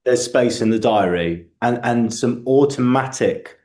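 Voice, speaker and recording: A man's voice: mid-range voice, a little slow, a little mellow, reverberant. A man hosting a book club video call, reflective and casual, often repeating words as he starts a thought.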